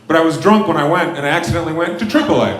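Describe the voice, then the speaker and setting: A man in his forties doing a crude, self-mocking stand-up set on a comedy club stage, breaking into shouted bits. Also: a little high, rapid-fire. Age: 40s. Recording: roomy club with loud crowd. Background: audience laughter.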